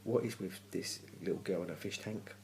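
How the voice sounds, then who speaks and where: A man's voice: deep voice, fairly quick, a little mellow. A man giving a casual, grumpy TV review, ranting and swearing in exasperation. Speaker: TV review vlogger. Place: home at night.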